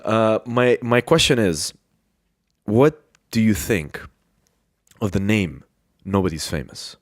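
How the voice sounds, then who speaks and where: A man's voice: lowish voice, expressive, slow, dry recording. Joking man podcast host, dry room. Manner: joking, puts on silly accents. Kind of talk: casual chat.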